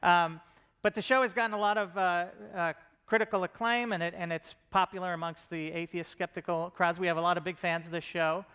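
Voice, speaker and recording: A man's voice: high voice, fairly even intonation, brisk, sharp tone, clean tone. A middle-aged man giving a casual, joking conference talk about his comedy show, self-deprecating and full of fillers and restarts.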